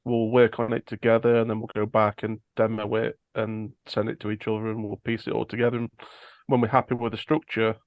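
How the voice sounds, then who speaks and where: A man with a gravelly, fry-laden voice at a middle pitch talks loosely and rambles, with dry, sarcastic humor. The sound is dull and dry, with no room around it. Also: level tone, fairly quick, no room sound. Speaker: band member. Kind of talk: casual interview chat.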